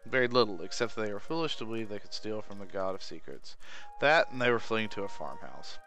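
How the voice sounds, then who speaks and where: A man's voice: on the low side, animated, quick pace, a bit bright, soft background music. Sly priestess, teasing, cryptic, grim, a man doing her voice.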